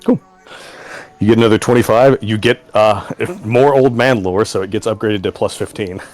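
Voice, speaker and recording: Chill guy gm narrating a tabletop game, laughs a lot, soft music in the back. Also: fairly low pitch. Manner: laid-back, laughs often, slips into quick character voices. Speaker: game master.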